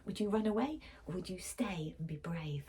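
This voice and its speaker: A woman teacher reading a picture book aloud to children, often whispering and pausing to ask the listeners questions. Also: lowish voice, expressive, warm tone, slightly rough.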